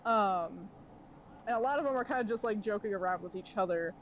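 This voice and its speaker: A woman's voice: medium pitch, brisk, slight background noise. A young woman narrating a tabletop game as game master, rambling with many fillers. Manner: rambling, filler-heavy, laughing often. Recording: dull lo-fi audio.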